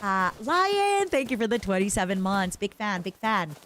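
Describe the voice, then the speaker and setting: A woman's voice: medium pitch, brisk. A young woman streaming a game, chatting with her viewers in a playful, rambling way. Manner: playful, rambling, talks to chat. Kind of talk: casual live-stream gaming chatter.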